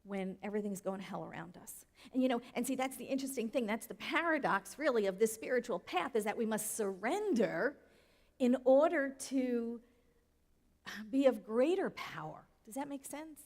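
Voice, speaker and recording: A woman's voice: mid-range voice, a little mellow. A woman minister giving a sermon in a conversational way, often asking the audience questions. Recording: long hall reverb.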